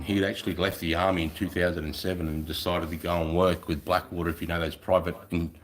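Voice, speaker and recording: Blunt, profane Australian army veteran. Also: male voice, sits low, fairly bright tone. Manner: blunt, heavily profane storytelling. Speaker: former army soldier. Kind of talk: casual podcast chat.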